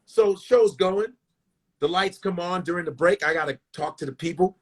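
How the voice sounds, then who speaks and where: A husky middle-aged man spinning profane stories in loose, animated bursts. He sits a little high in pitch for a man and keeps cutting himself off and restarting. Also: normal speed. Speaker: stand-up comedian, guest. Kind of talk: casual storytelling.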